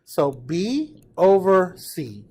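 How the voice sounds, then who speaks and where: Man teaching a class, higher voice. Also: very animated, drawn-out words, mellow, a little hiss or hum. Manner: drills pronunciation, asks the class to repeat; frequent check-ins with students. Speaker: math teacher. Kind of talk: classroom lecture.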